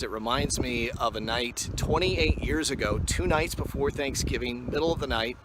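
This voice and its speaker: A man in his fifties, a TV weather forecaster, giving a relaxed acceptance speech full of anecdotes, recorded on a phone on a selfie stick outdoors on a mountain. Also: mid-range voice, noisy background. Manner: relaxed storyteller with frequent "uh". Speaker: award honoree, TV weather forecaster.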